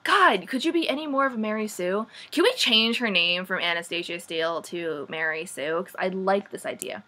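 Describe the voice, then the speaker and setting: A young woman vlogs a chatty book recap in a bright, forceful voice. She is sarcastic and animated, with a lot of "like". Her pitch sits mid-range for a woman. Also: normal speed, slight background noise. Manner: sarcastic, says "like" often, animated. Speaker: vlogger.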